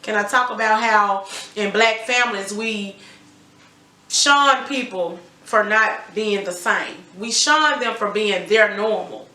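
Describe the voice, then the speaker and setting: A woman's voice: mid-range voice, slow, bright, forceful tone. A middle-aged woman giving an emphatic, candid personal testimony about her life, swearing freely. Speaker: guest telling her life story. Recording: roomy echo.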